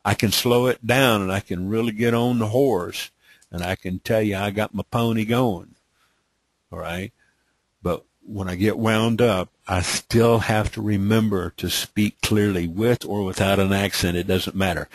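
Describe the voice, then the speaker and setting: Here a Texas-born, middle-aged webinar host leads a live training session in a fairly low voice at normal speed, recorded dry. A light Texas accent colors his drawling, repetitive talk, which is dotted with "okay?"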